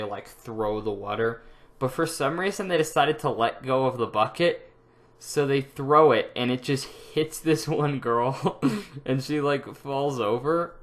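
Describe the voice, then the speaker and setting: Here a young male vlogger casually recounts life stories in a medium-pitched, fairly bright voice. It's a rambling delivery, packed with fillers and false starts, punctuated by laughter at his own expense.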